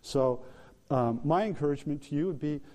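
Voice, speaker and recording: A man's voice: fairly high pitch, a little fast, warm tone, big-room sound. A man preaching a sermon as pastor, talking informally with fillers and restarts. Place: church sanctuary.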